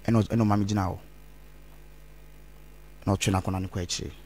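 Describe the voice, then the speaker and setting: A man's voice: on the low side, level tone, moderate pace, darkish tone. A man, rambling as an interview guest and mixing Twi phrases into his English. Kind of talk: candid interview talk.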